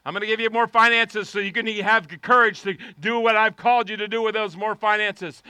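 A man preaching a sermon as pastor, passionately swinging between quiet, prayerful lines and loud, shouted appeals. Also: high voice, brisk, hardly any pauses, clean tone, dry recording.

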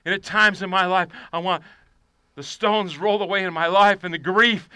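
A man preaches with a high, strikingly bright and crisp voice, recorded dry and close. He climbs to shouted, fervent peaks, then drops into low, quiet confiding. His style is a full sermon. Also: steady tone, normal speed, no room sound. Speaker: pastor.

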